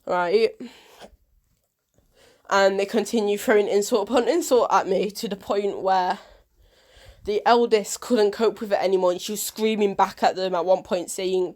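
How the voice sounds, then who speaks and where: Animated woman telling a story. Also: mid-range voice, moderate pace. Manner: animated storyteller who acts out quoted dialogue. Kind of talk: storytime vlog.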